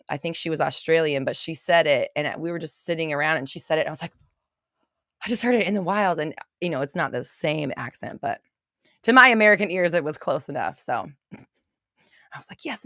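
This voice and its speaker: Chatty low-voiced woman coach. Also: fairly bright tone, no echo, studio quality. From California. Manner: chatty, rambling, quick to laugh and gasp. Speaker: mindset coach and host. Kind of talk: casual livestream chat reading viewer comments.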